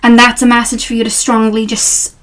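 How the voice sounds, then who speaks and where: A young woman with a slightly high voice talks through a tarot reading in a relaxed, unscripted way. She sounds gentle and reassuring, and fills her pauses with ums and you-knows. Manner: gentle, reassuring, with many fillers. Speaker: tarot reader. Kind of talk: casual tarot reading to camera.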